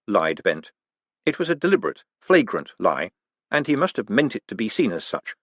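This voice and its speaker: A man narrating an audiobook in an expressive, lively reading voice. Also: low-pitched, brisk, no room sound. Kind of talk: scripted narration.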